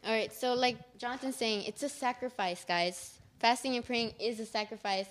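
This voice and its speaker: A woman's voice: fairly high pitch, fairly even intonation, brisk, hardly any pauses, fairly bright tone. A young woman sharing thoughts on faith in a casual group talk, earnest and conversational with a few fillers. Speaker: youth group member.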